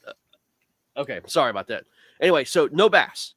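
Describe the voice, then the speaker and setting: A man's voice: medium pitch, brisk, no echo. A man on a video call, telling a long fishing story in a casual, rambling way, full of "man" and "dude". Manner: rambling, animated, lots of fillers like "man" and "dude". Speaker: guest angler.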